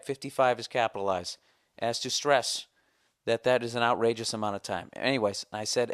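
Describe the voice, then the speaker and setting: A man's voice: mid-range voice, moderate pace, fairly bright tone, smooth. Profane ranting male podcast host. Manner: ranting, profane, mock-formal when reading his own letter. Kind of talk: casual comedic monologue.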